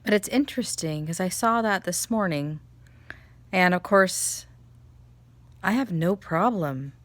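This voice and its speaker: A mother chatting casually about spiritual energy, telling family stories with animated laughter. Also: lowish voice, measured pace, dry recording. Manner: animated storytelling, laughs often. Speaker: vlogger, mother. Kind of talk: casual chat, spiritual reflection.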